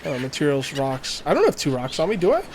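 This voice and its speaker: Male let's-player, chatty think-aloud commentary, slightly high voice, faint game sound behind. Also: wildly swooping pitch, fast, background noise. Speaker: let's play gamer. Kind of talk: casual gameplay commentary.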